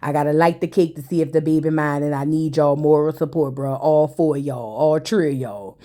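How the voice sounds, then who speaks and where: A woman voicing a nervous young man who mumbles a sheepish apology in a lowered, quiet voice. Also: steady tone, brisk, lightly acted.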